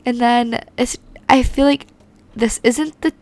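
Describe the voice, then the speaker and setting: A hoarse woman, recovering from being sick, hosting a video with a chatty, rambling voice-over recorded on a home mic. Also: on the high side, fairly even intonation, takes it slowly, a little mellow. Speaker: host. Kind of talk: casual voice-over narration.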